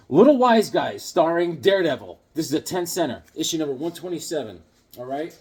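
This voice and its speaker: A comic collector chatting on his channel with a bouncy, up-and-down delivery. He is jokey and theatrical and keeps slipping into silly bits between the stories. His voice sits a bit high for a man. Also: darkish tone. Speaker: comic book collector and video host. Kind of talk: casual vlog chat.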